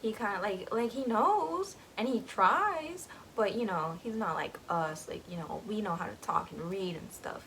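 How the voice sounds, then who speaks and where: A woman's voice: medium pitch, lively intonation, moderate pace, hardly any pauses, fairly bright tone, slight background noise. A woman voicing a half-pig hybrid girl who explains things in a chatty, matter-of-fact way. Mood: explaining.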